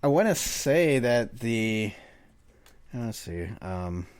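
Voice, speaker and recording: A man's voice: medium pitch, sing-song, slow pace, smooth, dry recording. A man co-hosting a podcast, reading a story and chatting casually, rambling and laughing with mild swearing. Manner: laughing, rambling, profane, mock-formal voices for quotes.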